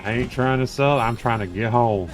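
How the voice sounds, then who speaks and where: A man's voice: mid-range voice, moderate pace, music in the background. A man chatting casually with friends over voice chat while gaming, telling rambling, profane stories. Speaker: gamer in voice chat.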